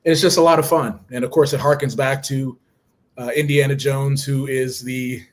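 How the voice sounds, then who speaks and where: A man co-hosting a live stream, walking through comic pages in an even tone with many pauses. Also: medium pitch. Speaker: co-host. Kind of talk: describing comic art.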